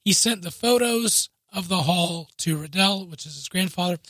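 Chatty co-host type, bright voice, laughs through the story, recorded close and dry. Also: medium pitch, normal speed, dry recording. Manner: laughs often while telling stories, chatty asides. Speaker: podcast co-host. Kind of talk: casual chat, reading news aloud.

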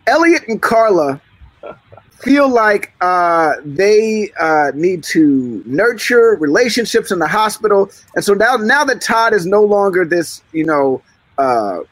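Relaxed high-voiced man retelling stories. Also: slow, no echo. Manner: relaxed storytelling, repeats phrases. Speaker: podcast co-host. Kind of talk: casual chat at a live podcast taping.

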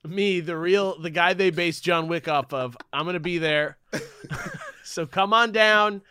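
Man, podcast co-host; bright, slightly high voice; loose comedic riffing. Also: unhurried, clean tone, no room sound. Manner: jokey, riffing, laughs often. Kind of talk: casual comedic chat.

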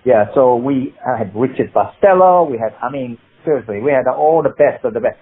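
Cockney man telling stories, husky and tinny. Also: mid-range voice, a little fast, hardly any pauses. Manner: rambling, animated, many restarts. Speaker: actor guest. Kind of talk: casual interview storytelling. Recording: tinny phone-like line.

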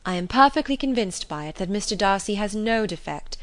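A woman reading the part of a spirited young woman, teasing and quick-witted. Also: medium pitch, lively intonation, no echo, close to an everyday voice.

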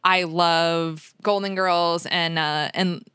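Woman podcast host chatting, laughs a lot, clear crisp voice, dry close sound. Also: fairly low pitch, slow, dry recording. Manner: chatty, laughs often, animated asides. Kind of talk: casual chat.

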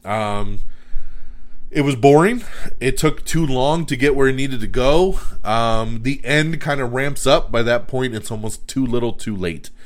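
Guy doing a casual movie review podcast, mid pitch, lots of ums and restarts. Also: unhurried. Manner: hesitant, many fillers and restarts.

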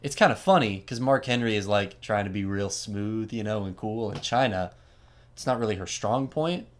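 Lower-voiced man telling a story casually. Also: normal speed. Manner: animated retelling with frequent "like" and asides.

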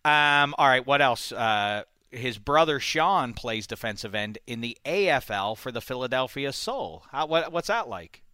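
Teasing host, a man with a bright, lively delivery in dry close-mic chat. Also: medium pitch, a little slow, hardly any pauses, clean tone, dry recording. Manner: playful, teasing, animated. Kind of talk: casual chat.

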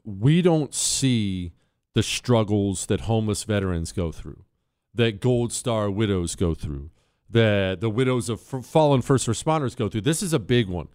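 A man's voice: fairly low pitch, expressive, measured pace, a little mellow, no room sound. A man hosting a talk radio show, delivering an emphatic, opinionated monologue with sarcastic asides into a studio microphone.

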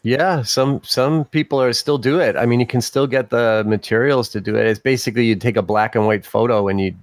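A man's voice: medium pitch, fairly quick, no echo. A man hosting a podcast, talking in an easygoing, hesitant way with many fillers. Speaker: podcast host. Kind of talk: casual chat.

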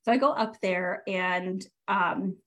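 A woman coach talks through a casual live training at a middle pitch. She is chatty and animated, full of fillers and quick self-corrections, and laughs often as she goes. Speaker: podcast host and career coach.

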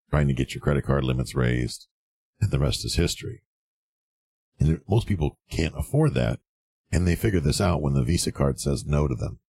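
Sarcastic, mocking male commentator with a husky, very low voice; blunt advice monologue. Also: a little mellow, no echo. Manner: sarcastic, mocking, acts out quoted people. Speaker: real estate commentator.

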